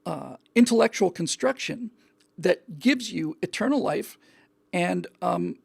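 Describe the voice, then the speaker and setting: A man's voice: high-pitched, animated, a little slow, creaky, slightly rough, no echo. A male show host giving an earnest opinion monologue, often repeating words and restarting his sentences.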